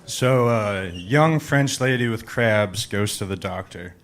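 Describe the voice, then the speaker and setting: Slow, halting man telling a joke. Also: lowish voice, noisy background. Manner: slow, halting delivery with many uhs. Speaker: stand-up comedian.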